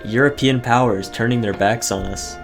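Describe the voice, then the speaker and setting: A young man giving casual, excitable commentary over a strategy game, reading game events aloud. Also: medium pitch, moderate pace, vocal fry. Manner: chatty, excitable, reads in-game text aloud. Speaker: gaming video host. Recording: faint music behind.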